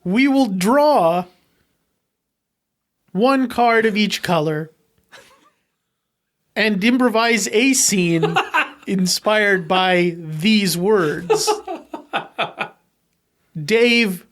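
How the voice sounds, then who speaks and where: A podcaster introducing an improv game in a deliberate, mock-formal way, giggling along. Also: medium pitch, a bit bright. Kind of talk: casual comedy chat.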